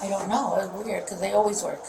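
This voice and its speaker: Upset gravelly-voiced woman in a noisy police interview. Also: mid-range voice, fairly even intonation, a little fast. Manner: rambling, upset, trailing off. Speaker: mother questioned by police. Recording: distant mic with loud noise.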